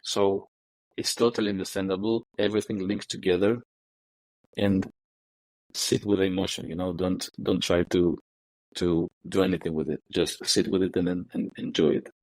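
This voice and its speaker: A man who is a podcast guest, speaking calmly and reassuringly, often restarting his phrases. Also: deep voice, normal speed, no room sound, poor audio. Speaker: podcast guest, psychology coach. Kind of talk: reflective conversation.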